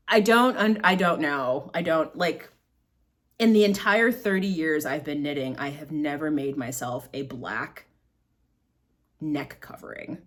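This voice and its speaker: A middle-aged woman with a low voice talks slowly and pauses often as she hosts her podcast at home beside bags of yarn. It's casual chat, with rambling stories and plenty of self-deprecation.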